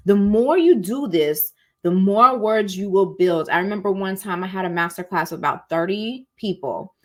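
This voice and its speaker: A woman hosting an online masterclass on emotions, chatty and colloquial, saying "y'all" and acting out example feelings in little voices. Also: lowish voice. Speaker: masterclass host. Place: at home, cozy setting.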